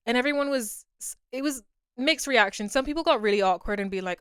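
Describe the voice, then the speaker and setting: A woman's voice: a little high, quick pace, clean tone, dry recording, clean studio sound. A young woman hosting a podcast, speaking candidly and confessionally about her own experiences, often repeating herself. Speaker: podcast host. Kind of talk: personal podcast monologue.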